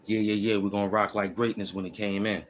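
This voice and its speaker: A man's voice: lowish voice, flat delivery, fast, highs cut off, background noise. A man hosting a casual walking vlog, giving loose, repetitive, slangy street advice. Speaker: host. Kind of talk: rambling streetwise monologue. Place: outdoors in the cold.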